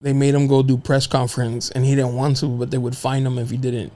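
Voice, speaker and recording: A man's voice: medium pitch, level tone, fairly quick, mellow. A man hosting a casual podcast, laid-back and joking with his guest. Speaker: podcast host. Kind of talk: casual chat.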